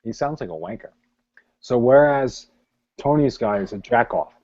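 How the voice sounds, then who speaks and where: A man in a casual movie debate, lively and self-mocking. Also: mid-range voice, moderate pace, no echo, dull audio.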